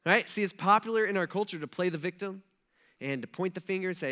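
A man's voice: high-pitched, quick pace, pushed and bright. A man preaching a sermon in a conversational way, often checking in with his listeners. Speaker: pastor.

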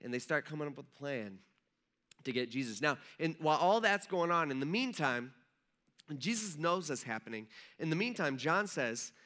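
A man's voice: a little high, lively intonation, normal speed, pushed and bright. A young man preaching a casual sermon, retelling a story and acting out the quoted voices. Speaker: pastor.

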